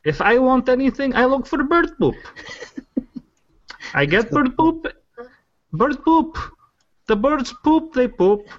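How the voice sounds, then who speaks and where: A man putting on a boastful character with a gruff mock-Russian accent and broken English. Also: very high-pitched, expressive, slow, long pauses, pitched above the performer's own voice, exaggerated voice. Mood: insistent. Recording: dull lo-fi sound.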